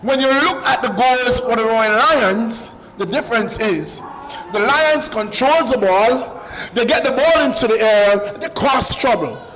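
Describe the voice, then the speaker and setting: A man giving live football commentary, excitable and bantering, shouting when goals go in. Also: extremely high pitch, a little slow, big-room sound, low-quality recording. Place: stadium commentary position.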